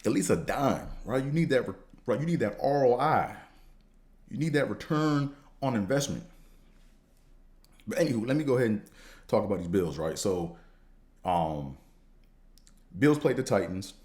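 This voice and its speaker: A man hosting a podcast, talking in a casual, slangy, profane monologue that rambles and jumps higher when he gets fired up. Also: expressive, moderate pace, pauses often, darkish tone. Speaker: podcast host.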